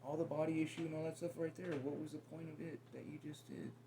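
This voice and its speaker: A man's voice: a little high, flat delivery, fast, noisy background. A man talking bluntly and profanely in a rambling, confrontational conversation with his partner. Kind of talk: casual heated conversation.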